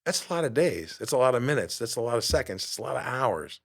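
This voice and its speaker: A man's voice: mid-range voice, very animated, fast, gravelly. A middle-aged man hosting a motivational podcast. He talks emphatically and a little preachy, throws rhetorical questions at the listener and swears casually. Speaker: podcast host.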